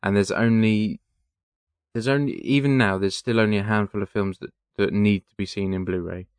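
A man with a low voice, ranting on a casual podcast. The sound is close and dry. He argues his points with sarcastic confidence. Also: fairly even intonation, normal speed, no room sound. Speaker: podcast co-host. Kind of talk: casual chat.

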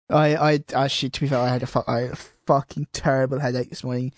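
A man's voice: mid-range voice, flat delivery, fast talker. Man hosting a podcast, rambling. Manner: rambling, self-deprecating, swears casually. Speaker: podcast host. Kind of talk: casual chat.

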